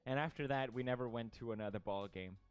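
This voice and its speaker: A man's voice: mid-range voice, fast talker, clean tone, no echo. A young man from Sweden, streaming casual commentary in a jokey, mock-outraged way and laughing often.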